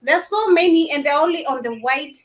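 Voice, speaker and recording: A woman's voice: high voice, fairly quick, noisy background. A woman from Africa joining a broadcast, speaking hesitantly and repeating her words. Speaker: guest on a call-in broadcast.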